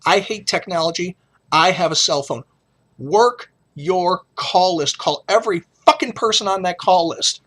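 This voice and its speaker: A man's voice: sits high, a little slow, fairly bright tone. A middle-aged man talking frankly and emotionally in a personal vlog, blunt and profane but earnest. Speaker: vlogger.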